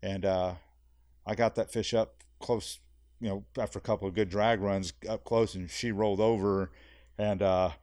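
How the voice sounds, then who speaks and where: A man, a fishing guide, telling a long story on a podcast in a rambling, animated way, full of fillers and repeats. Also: lowish voice, normal speed, dry recording, clean studio sound. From South Texas. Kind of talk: casual storytelling.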